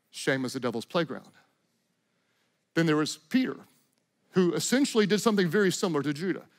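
A man preaching a sermon, swinging between loud emphatic declarations and hushed, intimate tones. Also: on the high side. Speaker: pastor.

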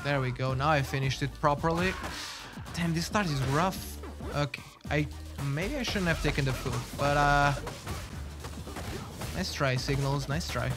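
A British man streaming a game live, chatting with viewers and reacting loudly to the action. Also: fairly high pitch, a little slow. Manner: chatty, excitable, greets chat and reacts loudly. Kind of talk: live gameplay commentary. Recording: game music behind voice.

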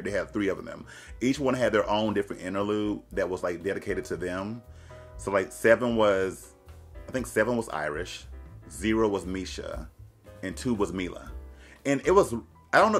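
A man's voice: fairly low pitch, a bit bright, slightly rough. A young man giving casual music reaction commentary, gushing and slangy, breaking into snippets of the songs he plays. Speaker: YouTube reviewer.

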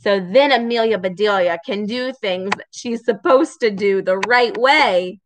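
A woman reading a picture book aloud to children, slow, expressive and encouraging. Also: mid-range voice, slight background noise, poor audio. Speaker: storybook reader for children.

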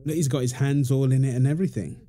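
A man's voice: medium pitch, fairly even intonation, fast talker, dark tone. A man doing a whispered role-play as a young father, teasing and playful, slipping into baby talk. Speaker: audio role-play performer.

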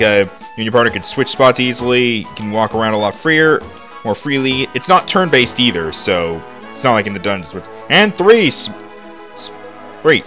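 This let's play host has a sharp, medium-pitched voice. He rambles chattily while playing a video game, leaning heavily on "like" as a filler.

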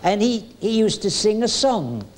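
A man's voice: high-pitched, big pitch swings, unhurried, a little mellow, slight background noise. Chatty older showman. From England. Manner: chatty and jokey, with hesitant fillers. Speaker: retired music hall entertainer reminiscing. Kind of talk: anecdotal storytelling.

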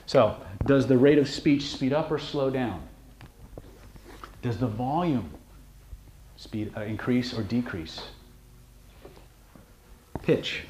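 A man's voice: mid-range voice, takes it slowly, pauses often, darkish tone. Blunt man lecturing in an echoey room. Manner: blunt, joking, asks okay often. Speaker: hypnosis teacher. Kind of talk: casual seminar lecture to a live group. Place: seminar room with audience. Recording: echoey room, faint noise.

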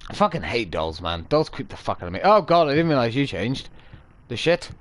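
A man's voice: medium pitch, sing-song, brisk. A man commentating a horror game, jumpy and swearing a lot with nervous yelps and laughs. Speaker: gaming video host. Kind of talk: let's play commentary.

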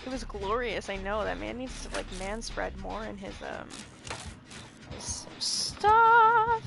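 Excitable young woman streamer, swearing. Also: mid-range voice, slow, creaky. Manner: excitable, swears a lot, dramatic outbursts. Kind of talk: casual gaming chat.

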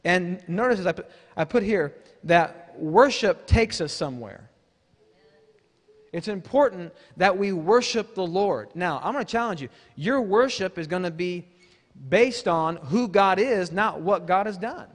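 A man giving a sermon as guest preacher, emphatic and conversational, swinging from casual asides up to shouts. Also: high voice, expressive, measured pace. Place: church hall. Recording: long church hall reverb.

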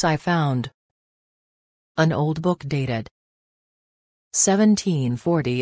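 A woman narrating a storybook in a slow, steady reading voice. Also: low-pitched, dry recording, clean studio sound.

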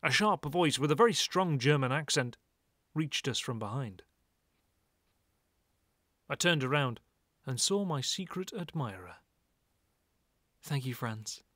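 A man narrating an audiobook in a calm, measured reading. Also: fairly high pitch, dry recording, studio quality.

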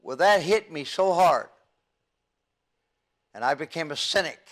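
An older man and youth evangelist giving an earnest, halting testimony from the pulpit, with frequent stammers and restarts. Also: fairly high pitch, expressive, a bit bright. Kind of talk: testimony sermon.

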